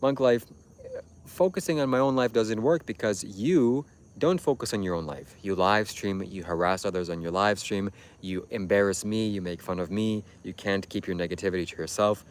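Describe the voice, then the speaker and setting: Low-voiced man lecturing on a livestream. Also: normal speed. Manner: preachy, insistent, repetitive lecturing. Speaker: livestream host. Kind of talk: livestream monologue addressing chat.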